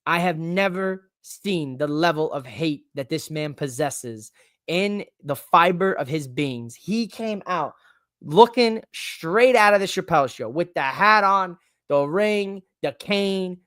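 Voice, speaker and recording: A man hosting a live-streamed podcast in a casual, excitable, rambling way, with emphatic bursts. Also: high voice, a little slow, dry recording, studio quality. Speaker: podcast host.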